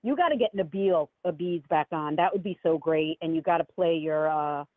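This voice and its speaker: An animated woman talking politics on a call-in line, her pitch leaping up whenever she mocks someone. The sound is tinny and phone-like, and dry, with no room around it. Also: normal speed, no room sound. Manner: animated, swoops high when mocking others. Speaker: caller. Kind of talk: casual political chat.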